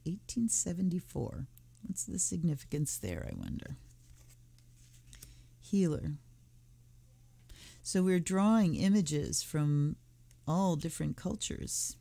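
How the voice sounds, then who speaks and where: A woman's voice: lowish voice, expressive, slow, gravelly, pauses often, mellow. A woman hosting a tarot channel, thinking aloud in a casual, musing way as she unboxes and looks through a deck. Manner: musing, thinking aloud while flipping cards. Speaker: tarot reader and channel host.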